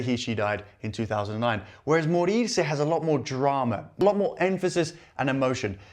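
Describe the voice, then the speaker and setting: A man gives a methodical language lesson, walking through grammar examples one at a time. His voice sits at an ordinary middle pitch. He slows down and leans on the words he wants to stick. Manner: clear, methodical, stresses key words. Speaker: Spanish teacher.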